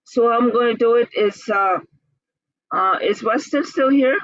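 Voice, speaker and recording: A woman teaches at an unhurried, deliberate pace, sounding out each syllable and repeating it for her students. Her voice is dry and close, with dull, lo-fi call audio. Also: fairly high pitch, dry recording. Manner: breaks words into syllables and repeats them slowly. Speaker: language teacher. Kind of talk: slow, patient classroom instruction.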